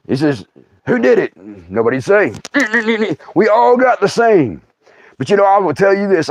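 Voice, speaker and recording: A man's voice: fairly high pitch, no room sound, highs cut off. A middle-aged man telling a comic family story, folksy and laughing often as he acts out his relatives. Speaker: storyteller host.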